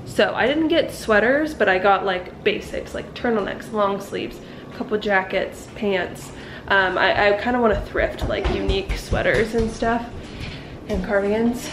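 A young adult woman, a vlogger and mom, chatting casually into a handheld phone camera with lots of "like" and "um". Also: mid-range voice. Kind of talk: casual vlog chat. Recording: loud background noise.

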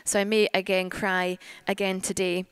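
A woman preaching a sermon at a church service, earnest and warm-hearted, moved to tears at times. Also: mid-range voice, little pitch movement, normal speed, smooth, dry recording. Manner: earnest, gets emotional and laughs through tears.

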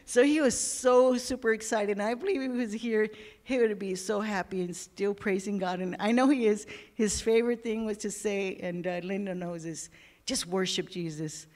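A woman's voice: mid-range voice, normal speed. A woman giving a heartfelt, sometimes tearful spoken tribute during a church service, telling stories with feeling. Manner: emotional, tearful at times, warm storytelling.

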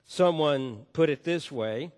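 A male pastor preaching to his congregation with emphatic storytelling. His voice sits a little high for a man and rolls out through a long sanctuary reverb. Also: takes it slowly, a little mellow. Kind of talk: sermon. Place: church sanctuary.

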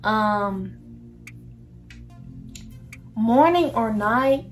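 A woman's voice: a little high, expressive, drawn-out words, faint music behind. A young woman, chatting casually to her viewers in a get-to-know-me vlog. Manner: chatty, addresses viewers as "y'all". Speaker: vlogger.

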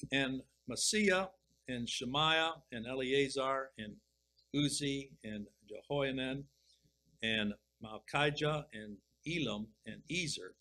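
A middle-aged man preaching, reading scripture slowly and deliberately, then commenting with emphatic swells. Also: medium pitch, sharp tone, rough recording. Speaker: pastor. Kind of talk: expository sermon reading and explaining scripture.

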